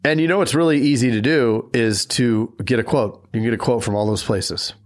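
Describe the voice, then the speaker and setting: A man co-hosting a casual podcast, talking shop and acting out quick sales pitches. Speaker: podcast co-host. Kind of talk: casual chat.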